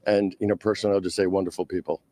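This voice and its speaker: A man with a Boston accent, speaking for a skating club at a press conference, pausing often with "uh" and "um". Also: sits low, level tone, mellow, no room sound. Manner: halting, frequent "uh" and "um".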